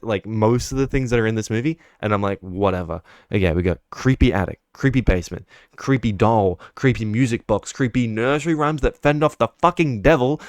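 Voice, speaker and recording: A man's voice: mid-range voice, clear, resonant tone, no room sound, clean studio sound. A young man giving a casual film review, ranting with exasperation and swearing, mocking what he dislikes. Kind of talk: casual monthly movie review.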